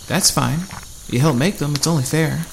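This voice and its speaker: Man playing a calm survivor leader, reasoned, level. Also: fairly high pitch, moderate pace, gravelly, a little hiss or hum, voice pushed up. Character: calm, fair-minded man leading survivors.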